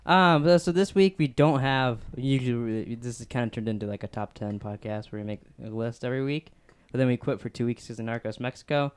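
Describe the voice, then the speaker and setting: A young man hosting a casual podcast chat, telling stories in an animated, defensive way. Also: mid-range voice, brisk, clean tone. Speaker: podcast host.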